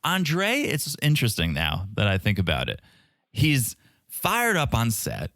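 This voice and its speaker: A podcast co-host with a medium-pitched voice speaks unhurriedly in a studio-quality recording with no echo. He's animated in a casual recap chat, acting out cast members' lines in quotes.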